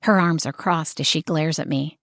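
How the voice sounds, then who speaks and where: Woman, romance audiobook narrator, lowish voice, dry close sound. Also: normal speed, a bit bright, no echo.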